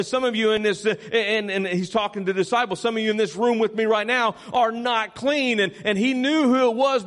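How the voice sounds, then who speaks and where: A man preaching a sermon as pastor, calling on the congregation to repeat lines after him and drawing key phrases out slowly for emphasis. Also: high-pitched. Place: church sanctuary. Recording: long reverb of a large hall.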